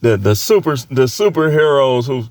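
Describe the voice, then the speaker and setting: A man's voice: mid-range voice, lively intonation, normal speed, a little mellow, no echo. A man with a cold who coughs now and then, preaching a casual, joking sermon with lots of laughter and slangy banter.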